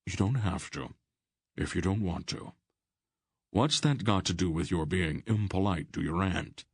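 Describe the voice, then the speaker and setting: A man voicing a wise, dry-humored old sorcerer in an audiobook, speaking calmly and firmly. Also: low voice, breathy edge, no room sound, exaggerated voice. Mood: patient, lecturing. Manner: calm, measured, gently firm. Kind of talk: audiobook character voice.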